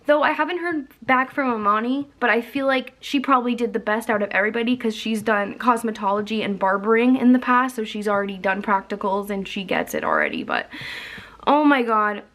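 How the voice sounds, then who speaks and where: A woman's voice: a little high, lively intonation, a little fast, fairly bright tone. A young woman telling a candid, profane story in a casual vlog. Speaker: vlogger.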